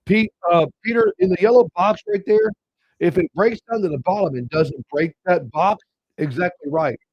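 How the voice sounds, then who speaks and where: A man's voice: high-pitched, normal speed, no echo, lo-fi sound. A man hosting a live trading show, casually talking viewers through chart levels. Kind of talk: live market commentary.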